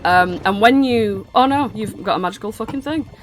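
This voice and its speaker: A woman's voice: mid-range voice, moderate pace. A woman running a tabletop game as the dungeon master, chatty and loose, stopping to work out numbers aloud.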